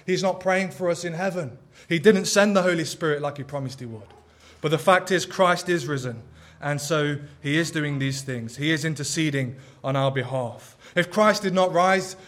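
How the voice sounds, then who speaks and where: A man preaching a sermon in an earnest, emphatic way. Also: fairly high pitch. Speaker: pastor.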